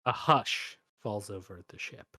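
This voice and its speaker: A man narrating a tabletop game as game master, casual and halting. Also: lowish voice, bright, forceful tone, no room sound, studio quality. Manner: casual, halting, lots of restarts.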